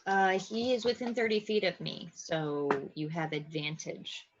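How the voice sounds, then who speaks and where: A woman playing a tabletop game, excitable and swearing freely. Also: medium pitch, measured pace, noisy background. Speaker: player. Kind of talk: casual tabletop play. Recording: dull lo-fi mic.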